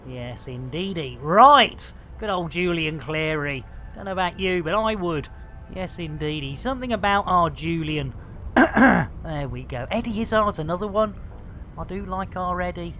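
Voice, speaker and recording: A man's voice: high-pitched, animated, normal speed, bright, forceful tone, a little hiss or hum. A British man giving casual live-stream commentary over a game, full of puns and rambling jokes. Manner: jokey, punning, rambling banter.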